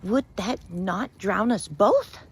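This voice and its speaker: A woman's voice: medium pitch, expressive, takes it slowly, breathy edge, voice pushed up, heavily acted. A woman voicing a sly male scorpion from a told fable, wheedling and repeating pleas for help. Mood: protesting. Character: pleading sly male scorpion begging a favor.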